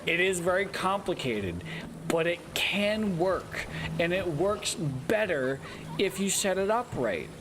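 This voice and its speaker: Stammering, animated streamer man. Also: high voice, takes it slowly, noisy background. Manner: hesitant, stammering, self-conscious. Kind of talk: casual voice chat.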